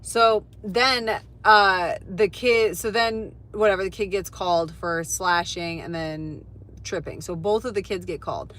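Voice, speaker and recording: A young woman chatting casually to her live stream viewers, animated and full of fillers and swearing. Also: fairly low pitch, unhurried. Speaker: livestreamer. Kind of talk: casual storytelling to a live chat.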